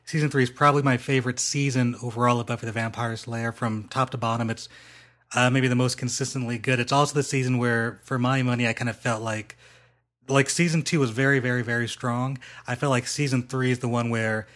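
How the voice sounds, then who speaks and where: A man hosting a podcast, talking in a measured, thoughtful way and repeating words as he builds his point. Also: mid-range voice, fairly even intonation, fairly bright tone. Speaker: podcast host. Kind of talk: casual chat.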